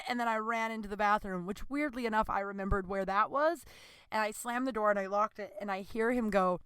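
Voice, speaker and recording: A woman comedian hosts her own podcast and tells a story in a loose, profane, self-mocking way, full of likes and ums. Her voice sits at a middle pitch. The recording is close and dry, made at a computer in a small room. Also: fairly even intonation, moderate pace, a bit bright, clear, resonant tone, no room sound. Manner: candid, profane, self-mocking, many fillers. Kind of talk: casual storytelling monologue.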